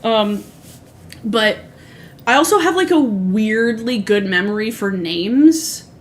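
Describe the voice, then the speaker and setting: A woman in her thirties chats casually on a livestream through a streaming microphone. Her medium-pitched voice has lively intonation and a slow pace as she rambles through asides and swears freely.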